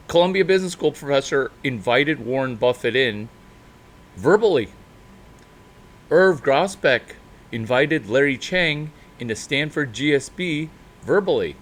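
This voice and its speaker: Animated man giving startup advice. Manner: animated, jumping pitch and loudness, drawn-out emphasis. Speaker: startup mentor speaker. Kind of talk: off-the-cuff monologue.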